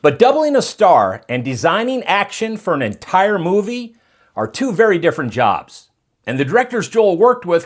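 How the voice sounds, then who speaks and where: A man's voice: a little high, sing-song, normal speed. A man narrating a documentary episode in a scripted style, building up each turn of the story.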